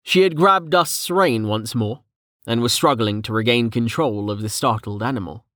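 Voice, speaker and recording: A male audiobook narrator delivers scripted narration of a story at normal speed in a medium-pitched voice. His manner is steady and even, and the audio is studio quality with no room sound.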